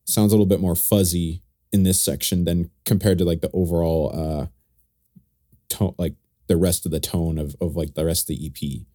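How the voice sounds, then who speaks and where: A man's voice: low-pitched, steady tone, normal speed, warm tone, no echo, studio quality. A man co-hosting a podcast, chatting casually about music with many fillers and restarts. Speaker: podcast co-host. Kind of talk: casual music review chat.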